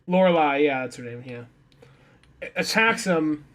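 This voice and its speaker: A man's voice: a little high, expressive, normal speed, a bit bright. A young man co-hosting a casual podcast, cracking crude jokes and trailing off to correct himself. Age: young adult. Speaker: podcast co-host.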